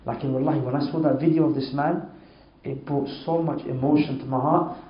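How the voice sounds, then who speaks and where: A man's voice: steady tone, fairly quick. A man giving an informal religious talk, storytelling emphatically and repeating oaths for stress. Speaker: Islamic speaker. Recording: echoey, dull low-fi sound.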